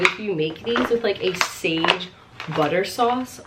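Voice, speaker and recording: A woman's voice: on the low side, a little slow, noisy background. Breathless chatty young woman vlogging. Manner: chatty, gushing, lots of fillers. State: pregnant and out of breath. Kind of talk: casual haul vlog. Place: home.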